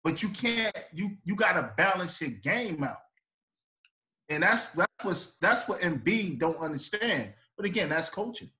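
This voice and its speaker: A man guesting as a coach on a sports podcast, his voice slightly high and lively in pitch. He talks at length, often restarting his sentences as he makes his point. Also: measured pace. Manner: animated, explains at length with restarts. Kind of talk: casual sports debate.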